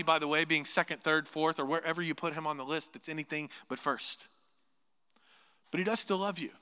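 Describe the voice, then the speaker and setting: A male pastor preaches in an animated style, with a high, very bright and forceful voice. He slips into imagined voices and leans in with hushed asides. The sound carries the long reverb of a church hall. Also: a little fast, smooth. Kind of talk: sermon. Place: church sanctuary.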